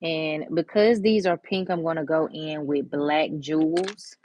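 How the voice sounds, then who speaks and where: A woman's voice: sits low, fairly even intonation, a little slow, a little mellow, no room sound. A woman, chatting and storytelling with slang while doing nail art. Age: 30s. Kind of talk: casual chat while doing nails.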